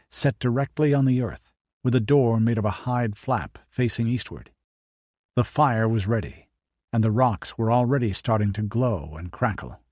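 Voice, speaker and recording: Man reading an audiobook, steady and even, mid pitch, dry close mic. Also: no echo. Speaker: audiobook narrator. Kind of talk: scripted narration.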